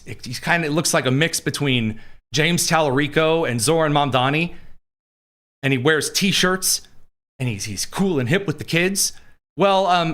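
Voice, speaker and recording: A man's voice: fairly high pitch, fairly bright tone. A man hosting a political commentary show, talking in a sarcastic, rambling way. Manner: sarcastic, digressive. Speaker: host.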